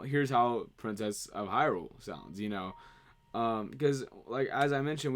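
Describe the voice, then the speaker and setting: A man streaming, chatting casually and rambling as he answers viewer questions. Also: mid-range voice. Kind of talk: casual livestream chat.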